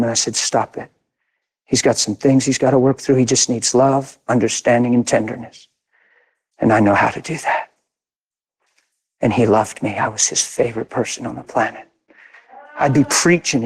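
A man's voice: medium pitch, breathy edge. An older man preaching a sermon, telling a story with emphatic, intense repetition. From grew up in a city. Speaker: pastor.

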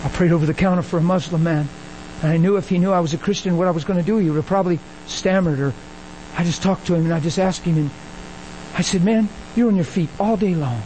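A high-pitched man delivers a sermon through storytelling, jumping into the voices of the people he describes. His delivery swells in pitch and energy at the key points. A faint hum sits under the recording. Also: fast talker, low-quality recording. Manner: animated, acts out dialogue, rises in pitch when excited. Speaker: preacher.

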